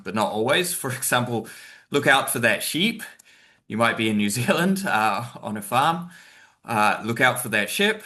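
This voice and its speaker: Speaking on the low side with a bright, forceful tone, a teacher trainer runs a conversational webinar. He sprinkles in many fillers and asides and sometimes acts out example sentences, leaning on the stressed words.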